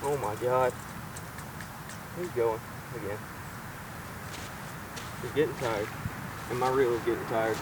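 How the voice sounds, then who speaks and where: A man vlogging outdoors by a small pond, shaky and keyed up, full of excited exclamations and coaxing the fish he's landing. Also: medium pitch, slow, pauses often, recorded from a distance, very noisy. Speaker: fishing vlogger. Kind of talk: excited outdoor vlog commentary. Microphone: camera set up nearby.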